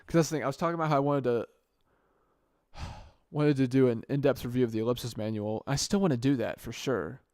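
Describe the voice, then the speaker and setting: Talking fast in a medium-pitched, slightly mellow voice, a young podcast host rambles through a casual solo monologue on a good mic, frequently restarting or fixing his sentences partway through. The studio-quality recording is dry.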